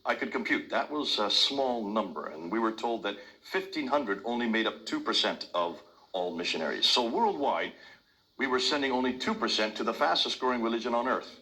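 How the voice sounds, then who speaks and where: Older male lecturer, American accent, bright and hard-edged tone, emphatic public-talk delivery. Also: medium pitch, animated, fairly quick, low-quality recording. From India.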